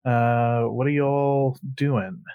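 A man's voice: mid-range voice, fairly even intonation, drawn-out words, clean tone, dry recording, narrow, tinny audio. A man running a tabletop game as game master, narrating scenes in sweeping descriptive lines with a lilt.

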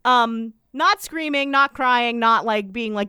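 Woman, podcast co-host, casual recap, rambling, wry, smooth voice, dry close sound. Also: on the high side, takes it slowly, sharp tone, dry recording. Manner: rambling, filler-heavy, wry retelling.

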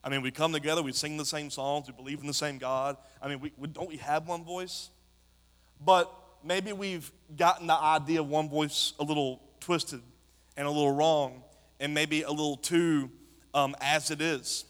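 A man preaching with fervor, his voice ringing through a church hall with a long reverb. His tone sits a little high for a man, and his delivery builds in intensity as he calls out to the congregation. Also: fairly even intonation, moderate pace. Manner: impassioned, rising to shouts. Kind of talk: sermon. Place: church sanctuary.

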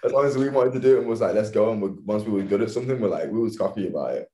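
A man in his thirties from England talks easily about his life as a dancer. He laughs often and keeps a loose, casual manner. His voice sits low, and the room behind it echoes. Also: racing. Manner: laughs often, relaxed and easygoing. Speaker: podcast guest, professional dancer. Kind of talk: casual interview chat.

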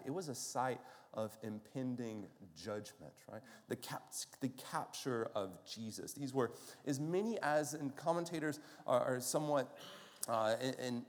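Pastor preaching in an echoing hall. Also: male voice, medium pitch. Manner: conversational storytelling with rhetorical questions. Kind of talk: sermon. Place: church sanctuary. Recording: long reverb of a large hall.

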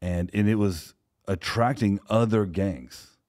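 A man's voice: lowish voice, takes it slowly, darkish tone. A man who co-owns a security company, telling a story in conversation and acting out the dialogue of the people in it.

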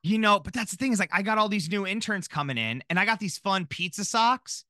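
A man in his thirties, a podcast co-host chatting casually in an animated, joking, self-deprecating way. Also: sits high, a little fast, no echo, clean studio sound. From Minnesota. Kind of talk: casual chat.

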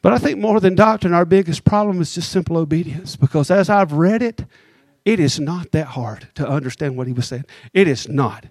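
A pastor with a fairly high voice delivers a sermon in a chatty, teasing tone. He drops into slow, drawn-out phrases for emphasis. The sound is close and dry, with no room echo. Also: darkish tone. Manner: conversational preaching, teasing the congregation, slows down for emphasis.

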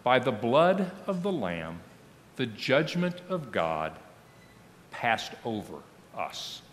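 A man preaches in a church sanctuary with a long, ringing reverb. His delivery is slow and solemn, with a lively, rising-and-falling pitch. His phrases often drop to a near hush at the ends. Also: a little hiss or hum. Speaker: pastor. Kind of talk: sermon.

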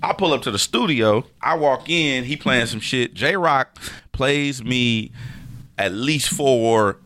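A man co-hosting a podcast, telling animated stories full of profanity and acting out what people said. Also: medium pitch, slow. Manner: animated, profane storyteller who acts out quotes. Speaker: podcast co-host, DJ. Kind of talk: casual chat, storytelling.

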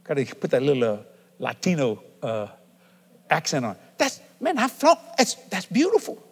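A middle-aged male preacher with a fairly high voice delivers a folksy sermon in a church. He swings from easy conversational asides to loud, shouted declarations. His voice rings through a large hall with a long reverb tail. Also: wildly swooping pitch, normal speed, husky.

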